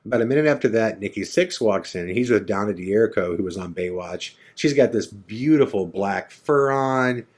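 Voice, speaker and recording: A man's voice: on the low side, normal speed, hardly any pauses. Man telling a story, acting out dialogue. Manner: animated, acts out dialogue. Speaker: podcast host. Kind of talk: casual storytelling.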